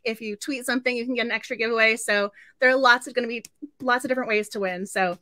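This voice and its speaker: A woman's voice: fairly high pitch, steady tone, fast talker, sharp tone, no room sound. A woman hosting a book club live stream, chatty and effusive, laughing often as she talks. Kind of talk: casual live-stream chat.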